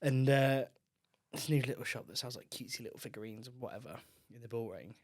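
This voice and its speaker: A man's voice: medium pitch, quick pace. Man, podcast co-host, wry, petty grumbling, swears, casual chat.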